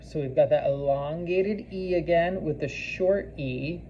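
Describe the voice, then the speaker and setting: A man giving a casual spoken language lesson, slowly repeating foreign phrases and using many fillers. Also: a little high, warm tone, lo-fi sound, slight background noise. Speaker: language teacher.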